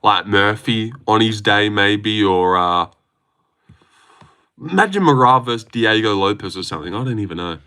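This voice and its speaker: Excitable Australian young man streaming. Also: lowish voice, moderate pace, smooth. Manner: loose, excitable, swearing banter. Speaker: livestream host. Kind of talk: casual livestream chat reading comments.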